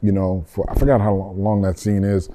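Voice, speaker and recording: A man, a film composer, talking casually in an interview, relaxed and rambling with repeated words. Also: low-pitched, fairly quick, a little hiss or hum.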